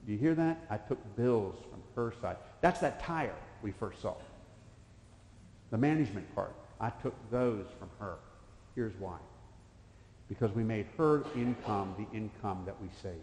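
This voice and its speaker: With a voice on the low side, a little mellow and a little slow, a man in his fifties tells a personal story from the pulpit of a church sanctuary. Folksy speech builds into emphatic bursts; the echoey hall recording carries slight hiss or hum.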